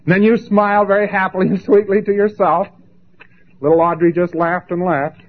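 A man giving a lecture, emphatic and dramatic, with long pauses and mocking asides. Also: sits high, level tone. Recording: tinny lo-fi old recording.

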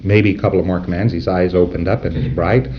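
A man's voice: low voice, fairly even intonation, fast, muffled recording, slight background noise. A man giving an informal lecture to trainees, talking conversationally and acting out little dialogues. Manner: conversational, acts out dialogues and chuckles at his own examples.

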